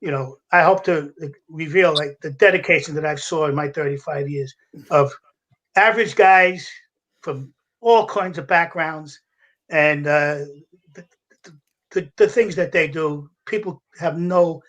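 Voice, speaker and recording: An older man, a retired fire captain telling gruff, animated stories as a podcast guest. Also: fairly high pitch, measured pace, muffled recording. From United States. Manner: animated storyteller with a gruff, salty edge, acting out voices and laughing. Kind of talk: casual storytelling.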